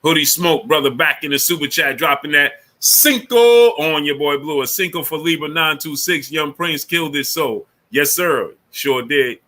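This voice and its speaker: A man's voice: on the high side, expressive, normal speed, few pauses, sharp tone. A man hosting a casual sports talk livestream, speaking in loose slang and greeting viewers from the super chat between his takes.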